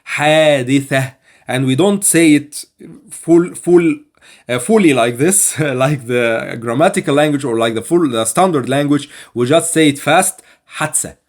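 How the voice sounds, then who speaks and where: A man with an Egyptian accent teaching spoken phrases, repeating each one slowly and patiently. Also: on the high side, animated, darkish tone. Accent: Egyptian Arabic. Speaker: Arabic language teacher. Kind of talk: language lesson.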